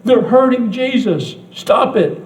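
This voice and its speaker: A man voicing a passionate three-year-old girl who shouts high-pitched exclamations. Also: expressive, takes it slowly, roomy sound, far from the mic, exaggerated voice, rough recording. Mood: angry.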